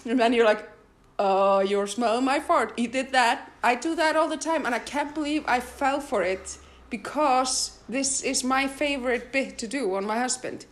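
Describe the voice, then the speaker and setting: A woman's voice: sits high, moderate pace. A middle-aged woman from Iceland co-hosting a podcast, chatting casually with frequent laughs and rambling restarts. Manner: giggly, rambling. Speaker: podcast co-host. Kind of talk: casual chat.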